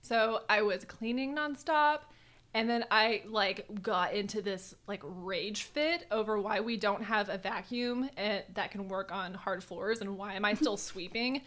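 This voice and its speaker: A young woman co-hosting a podcast, telling a story in animated, casual chat. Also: medium pitch, unhurried. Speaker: podcast co-host.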